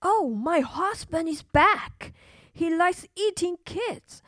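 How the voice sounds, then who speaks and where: A woman's voice: very high-pitched, animated, slow, a bit bright, no echo, studio quality, pitched above the performer's own voice, exaggerated voice. A woman voicing a worried old woman, the giant's wife, in a children's story.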